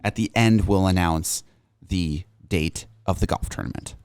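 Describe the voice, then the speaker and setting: Low-voiced man in relaxed podcast chat. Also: measured pace, clean tone, no room sound. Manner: relaxed, chatty, laughs easily. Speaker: podcast co-host. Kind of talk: casual chat.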